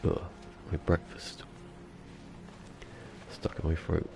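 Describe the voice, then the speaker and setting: Speaking slowly with music playing behind him, this man is streaming a game from a small home room. A cold has him sniffling as he drifts through jokey, rambling self-talk.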